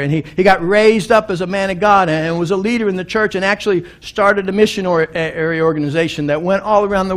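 Preaching in a high-pitched, fairly bright voice, a middle-aged male pastor earnestly narrates a story and works up to forceful appeals, frequently restarting and repeating himself.

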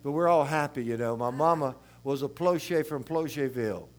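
Folksy older South Louisiana preacher. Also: male voice, mid-range voice, fairly quick. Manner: rambling, folksy, animated. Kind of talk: sermon with folksy storytelling.

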